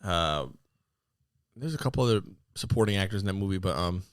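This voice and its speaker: Excitable rambling podcast guy, dry sound. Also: deep voice, brisk, clean tone, dry recording. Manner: animated, excitable bursts between rambling fillers. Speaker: podcast co-host. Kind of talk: casual chat.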